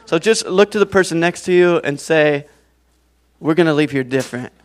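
High-voiced, clear young male preacher. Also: moderate pace. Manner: casual, chatty, frequent fillers and laughs. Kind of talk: sermon.

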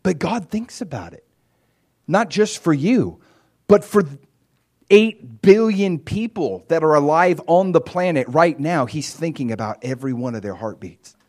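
A man preaching a sermon in an animated way, acting out quoted voices as he retells stories. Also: fairly high pitch, unhurried. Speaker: pastor.

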